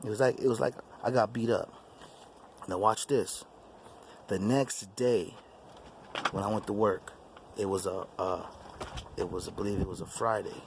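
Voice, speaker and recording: A man's voice: fairly low pitch, fairly even intonation, normal speed, gravelly, pauses often, background noise. A man hosting his own channel, telling a personal testimony story in an emphatic, repetitive way. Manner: repetitive, emphatic, restarts phrases. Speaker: YouTube channel host.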